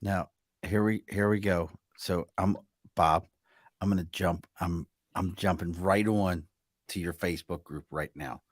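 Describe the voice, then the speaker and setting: A man's voice: low voice, steady tone, a little slow, no echo, clean studio sound. A man hosting a podcast in casual chat, joking and self-mocking as he talks. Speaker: podcast host.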